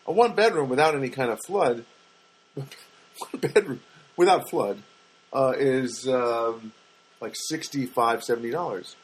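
A man's voice: mid-range voice, a little slow, pauses often, husky, low-quality recording. A middle-aged man hosting a podcast, telling a long, rambling, self-deprecating story full of fillers. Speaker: podcast host.

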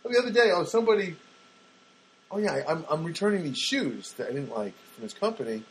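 A man rambling through everyday stories in a chatty, excitable monologue, often repeating himself and acting out other people's voices. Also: fairly high pitch, fast, a little hiss or hum, rough recording.

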